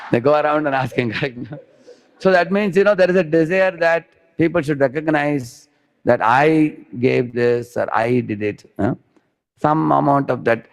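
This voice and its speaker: Man, gravelly voice, storytelling spiritual teacher who checks in with listeners. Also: mid-range voice. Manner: explains with stories, asks "huh?" often. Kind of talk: devotional class commentary.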